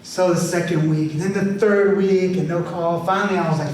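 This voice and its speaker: A man, an author, telling a lively story to a live audience, chatty and animated, leading the crowd in call-and-response. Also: on the high side, quick pace, hardly any pauses. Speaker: author giving a reading. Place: event hall with an audience. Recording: very echoey hall, far from mic, faint hiss.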